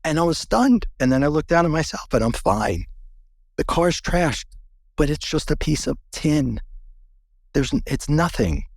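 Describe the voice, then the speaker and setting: A man's voice: fairly high pitch, big pitch swings, measured pace, gravelly, no room sound, clean studio sound. A man guest in an interview, earnestly recounting a personal experience in a conversational way, often restarting sentences.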